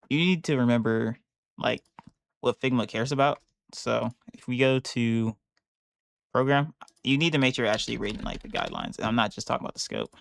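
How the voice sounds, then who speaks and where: Gravelly man thinking aloud while working. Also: medium pitch, no room sound. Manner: thinking aloud, rambling with restarts. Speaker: bug bounty hunter streaming a live session. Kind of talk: casual live-stream commentary while working. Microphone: close mic on a headset or desk.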